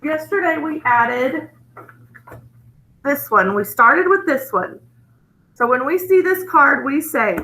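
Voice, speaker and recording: Woman teacher, phonics lesson, patient and gently enthusiastic, slow careful delivery. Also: high-pitched, lively intonation, rough recording.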